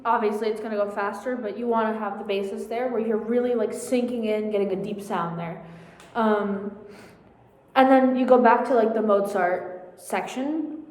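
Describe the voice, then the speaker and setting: A woman's voice: mid-range voice, fairly even intonation, moderate pace, a little mellow, echoey room, long reverb tail. A woman coaching a viola section, speaking through a face mask and slightly out of breath, chatty and informal with frequent fillers as she counts beats aloud. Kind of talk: casual practice lesson, counting beats aloud.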